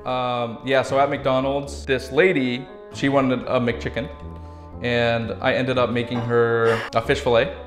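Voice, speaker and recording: A man's voice: mid-range voice, little pitch movement, measured pace, faint music behind. Young man hesitating through a job interview. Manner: hesitant, repeats fed lines with fillers. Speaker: prank job interview candidate. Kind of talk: casual prank interview. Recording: echoey room.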